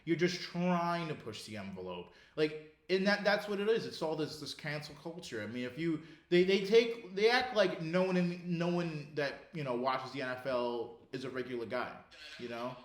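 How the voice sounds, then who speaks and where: A man co-hosting a podcast rants, swears and laughs through casual chat, mimicking others along the way. His voice is on the high side and animated, at normal speed, recorded in an echoey room.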